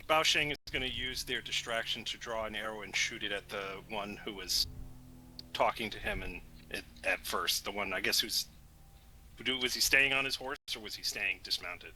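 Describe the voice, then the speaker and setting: A man playing a tabletop game, sometimes speaking slowly and formally in character. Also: fairly low pitch, bright, forceful tone, slight background noise, poor audio. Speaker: player. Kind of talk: tabletop role-play.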